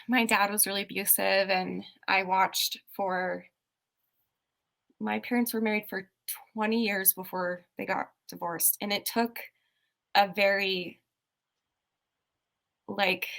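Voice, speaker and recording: Gravelly-voiced woman chatting candidly. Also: medium pitch, a bit bright. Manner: chatty, self-interrupting, open. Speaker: podcast co-host. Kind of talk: casual chat.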